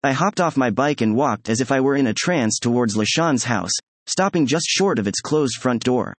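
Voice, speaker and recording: Husky-voiced man narrating a story. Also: mid-range voice, lively intonation, moderate pace, no echo. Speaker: audiobook narrator. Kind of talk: first-person story narration.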